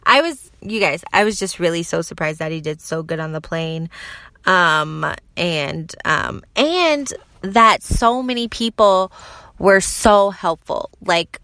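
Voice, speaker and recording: A young woman hosting her own podcast, chatting casually with lots of fillers and lively quoted voices. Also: lowish voice, takes it slowly, clear, resonant tone, no room sound. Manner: chatty, lots of fillers, animated when quoting people. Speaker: podcast host. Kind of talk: casual solo podcast chat.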